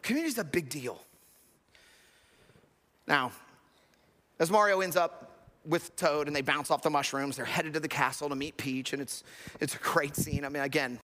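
A man's voice: a little high, normal speed, long pauses, pushed and bright, long reverb tail. A man preaching a sermon, with earnest, emphatic storytelling. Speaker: pastor.

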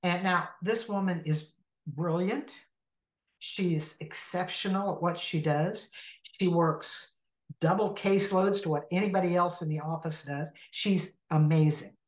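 A woman's voice: on the low side, a little slow. A woman who leads an inner healing ministry, telling a story as a guest and acting out the people in it. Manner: animated storyteller who acts out the people in her stories. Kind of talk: storytelling in a conversational interview. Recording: roomy echo.

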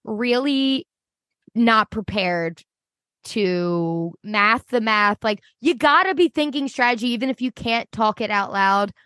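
Woman co-host, slightly high voice, slangy and emphatic, dry studio sound. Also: expressive, slow pace, a bit bright, no echo. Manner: chatty, emphatic, uses slang, swears. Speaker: podcast co-host. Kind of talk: casual chat.

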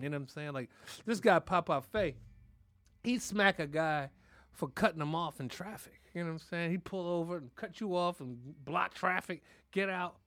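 A man hosting a podcast, telling a crude, animated comic story about his family and peppering it with "you know what I'm saying.". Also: sits high, no echo. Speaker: podcast host.

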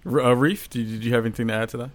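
A male podcast host keeps the conversation moving with jokes and asides. His voice sits at an everyday middle pitch. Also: fairly even intonation, racing. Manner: joking, loose moderator. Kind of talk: casual podcast chat.

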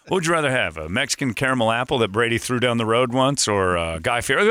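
A man's voice: mid-range voice, animated, fast, pushed and bright, no room sound. A man hosting a morning radio show, joking sarcastically with his co-host and reading sponsor plugs. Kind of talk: casual morning radio banter. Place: radio studio.

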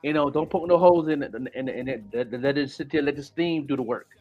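A man's voice: mid-range voice, fairly quick. A man from Buffalo, New York, with a Buffalo accent, chatting casually as a podcast guest, with lots of restarts and easygoing slang. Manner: repetitive restarts, laid-back slang. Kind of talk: casual interview chat. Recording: dull lo-fi sound with faint music.

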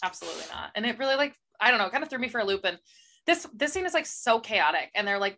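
Young female co-host, bright tone, sarcastic and exasperated. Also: fairly high pitch, sing-song, fast. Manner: exasperated, sarcastic commentary with mock dialogue. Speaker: podcast co-host. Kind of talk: casual chat about books.

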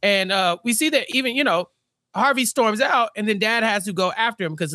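Male co-host, lively recap chatter, high bright voice, jumps into character voices. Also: no room sound, clean studio sound. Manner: animated, acts out characters in quick voices. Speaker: podcast co-host. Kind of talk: casual recap chat.

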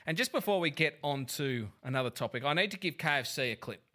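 Emphatic man, bright voice. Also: on the high side, expressive, fast talker. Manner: emphatic, jokey. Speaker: podcast co-host. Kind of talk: casual chat.

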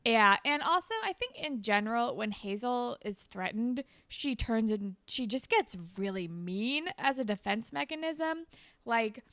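Gravelly-voiced woman recapping a show. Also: fairly high pitch, measured pace, no room sound. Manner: chatty, animated retelling with quoted voices. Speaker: podcast co-host. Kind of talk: casual recap chat.

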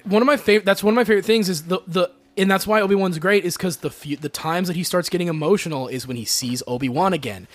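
A man co-hosting a podcast in casual chat, excitable and swearing freely, often restarting his sentences. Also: high voice, quick pace, few pauses. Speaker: podcast co-host.

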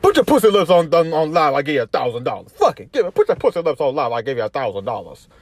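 A man putting on a boastful, loud rapper, shouting hyped boasts. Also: fairly high pitch, sing-song, quick pace, dry recording, pitched above the performer's own voice. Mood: rowdy.

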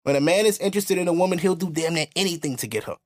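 A young man hosting a casual podcast, lecturing bluntly and slipping into high mocking voices when he quotes people. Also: racing, a little mellow. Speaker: podcast host.

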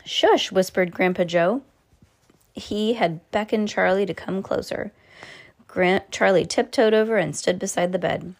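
A woman's voice: mid-range voice, steady tone, measured pace, creaky. A woman hosting a podcast, reading a children's book aloud with chatty, playful asides to a child. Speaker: podcast host reading to kids.

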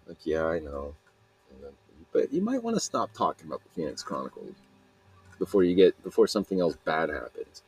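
A man's voice: sits low, big pitch swings, brisk, breathy edge, dry recording. A young man from Utah rambling through a solo podcast monologue, self-mocking and trailing off mid-sentence. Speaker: podcast host.

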